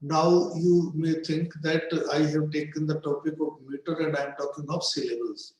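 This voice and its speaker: A man giving a slow, deliberate lecture on English literature, repeating words to stress their syllables. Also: a little high, level tone, darkish tone. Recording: very echoey room.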